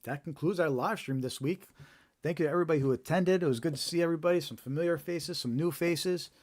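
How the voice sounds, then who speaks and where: A man's voice: on the high side, quick pace, a little mellow. A man hosting a live stream, reading viewer reports aloud in an informal way, with fillers and restarts. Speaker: host.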